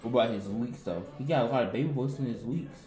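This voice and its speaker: A man's voice: medium pitch, quick pace, dark tone, soft background music. Laid-back young man in an echoey room. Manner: laid-back, slangy, offhand. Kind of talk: casual chat.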